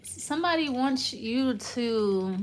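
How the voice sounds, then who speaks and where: A woman's voice: a little high, lively intonation, takes it slowly, slight background noise. Rambling woman giving a tarot reading. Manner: rambling, loose and conversational, trails off. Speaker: tarot reader. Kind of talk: casual spoken tarot reading.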